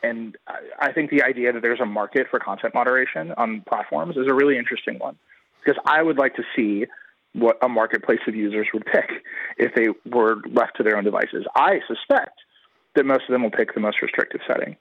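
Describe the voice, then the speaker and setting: A man's voice: mid-range voice, a little fast, vocal fry, no echo. A man giving a guest commentary in a radio interview, analytical and emphatic, talking in long runs. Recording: dull lo-fi radio line.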